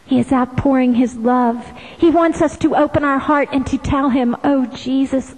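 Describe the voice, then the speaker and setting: A woman giving a slow devotional address, often slipping into hushed whispers. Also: high voice, fairly even intonation, breathy edge, in a large hall, rough recording. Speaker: visionary sharing devotional messages.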